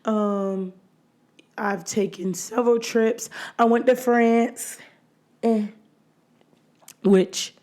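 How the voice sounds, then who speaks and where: A woman hosting her own podcast in a casual solo chat, her voice hoarse and nearly gone, chatty and often laughing between phrases. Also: on the high side, steady tone, very slow, pauses often, a little mellow. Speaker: podcast host.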